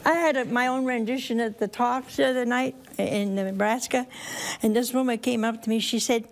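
A woman's voice: a little high, fairly even intonation, moderate pace, slight background noise. A woman preaching a storytelling sermon to a live audience, chatty and folksy, laughing at her own asides and acting out the characters.

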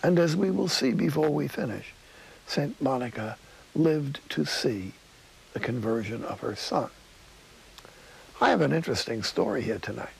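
A man preaching a sermon in a studio, telling stories slowly and dropping to a whisper for emphasis. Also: on the high side, animated, vocal fry, slightly rough, low-quality recording. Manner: storytelling, slow, drops to a whisper for emphasis.

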